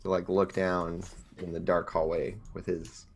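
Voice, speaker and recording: A man's voice: sits low, level tone, measured pace, husky. A man playing in a tabletop game, chatting casually with his party. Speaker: player.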